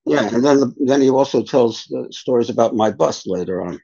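A man's voice: medium pitch, normal speed, creaky, dark tone, husky. An older man, a spiritual teacher, telling reflective stories unhurriedly as a guest in an interview. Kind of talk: storytelling in a podcast interview. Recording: dull lo-fi sound.

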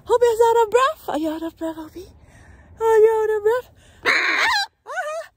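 Bubbly high-pitched woman vlogging outdoors. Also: brisk, background noise. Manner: bubbly and excitable. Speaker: vlogger and parrot owner. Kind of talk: casual outdoor vlog. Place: sunny park outdoors.

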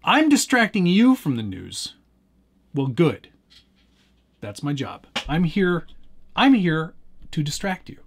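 A man's voice: fairly high pitch, wildly swooping pitch, slow pace, long pauses, a little hiss or hum. A man hosting a casual live stream, rambling and chuckling as he answers chat while working with his hands at a desk. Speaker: livestream host.

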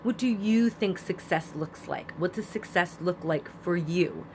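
A woman's voice: lowish voice, measured pace, a little hiss or hum. A woman giving a chatty, repetitive spiritual astrology talk with emphatic phrasing. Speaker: astrology vlogger. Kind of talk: casual spiritual monologue.

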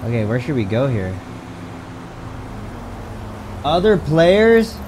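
Speaking slowly in a medium-pitched voice with background noise, this gaming streamer narrates his video game live, chats with viewers, and reads menus out loud. Easily excited, he cusses a lot and yelps in surprise when startled.

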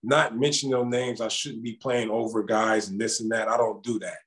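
Speaking at normal speed in a lowish voice, this man in his thirties, once a basketball player, spins stories during a relaxed interview. He performs each exchange, giving lively voice to the dialogue.

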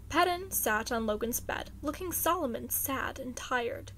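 A woman reading fan fiction aloud in a casual, chatty and expressive way. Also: high-pitched, measured pace, hardly any pauses.

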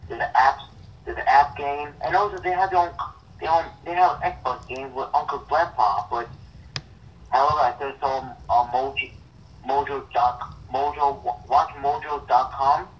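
A man's voice: medium pitch, fairly even intonation, slight background noise. Young man on a muffled distant line. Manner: halting, repetitive, blunt opinions. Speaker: co-host. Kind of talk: casual chat.

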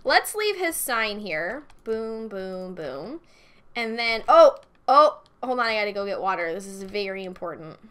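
A young woman talks her way through a game session, bubbly and chatty, speaking to the viewers and to the game as she goes. Her voice is bright and clear, sitting in a middle pitch range. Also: very animated, unhurried. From United States. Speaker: Minecraft let's-play host. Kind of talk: casual gameplay commentary.

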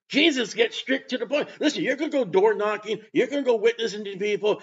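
A man preaching a sermon, emphatic, with bursts of loud delivery. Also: high-pitched, fairly quick, hardly any pauses, husky. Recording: dull lo-fi sound.

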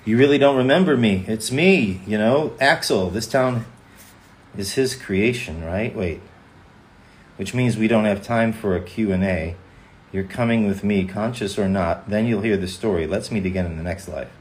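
Low and quietly intense, this is a man voicing a cool, brooding young swordsman from a video game, speaking in a measured way. The voice sits fairly low for a man. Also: slight background noise, lightly acted.

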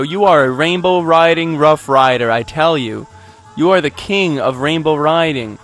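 A let's play gamer whose voice sits a little high and sounds a bit bright provides game commentary. He rambles goofily, mocks himself and occasionally blurts out sudden outbursts.

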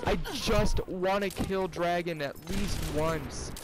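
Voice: mid-range voice, slow. A gamer giving casual commentary on a match, ranting and swearing at opponents nonstop. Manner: frustrated, swears constantly, rants at opponents. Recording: loud background noise.

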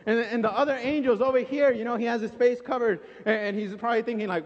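A man preaching a sermon in a church sanctuary, animated, acting out scenes and repeating phrases for emphasis. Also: high voice, fast talker, few pauses. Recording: dull recording with long church reverb.

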